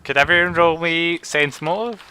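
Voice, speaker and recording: A man narrating as game master of a tabletop game, halting and correcting himself as he goes. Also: fairly high pitch, bright, forceful tone, a little hiss or hum.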